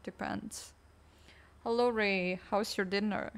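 Soft-spoken woman streamer, unhurried. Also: steady tone. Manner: talks low and weak to save energy. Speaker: game streamer. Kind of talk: casual live-stream chat while gaming.

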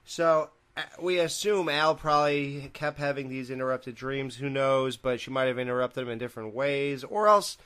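A man's voice: medium pitch, normal speed, hardly any pauses, sharp tone, clear, resonant tone. A man co-hosting a podcast, recapping a sitcom episode in a laid-back, rambling way and laughing often. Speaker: podcast co-host.

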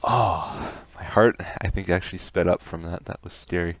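A young man giving let's play commentary on a video game, easily startled into yelps and laughs between calm, musing remarks. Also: low-pitched, moderate pace. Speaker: gaming commentator.

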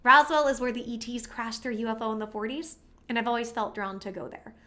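A chatty woman vlogger talks straight to her viewers, rambling through a personal story and getting emotional along the way. Her voice sits high and sounds bright. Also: steady tone, brisk. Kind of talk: casual storytime vlog.

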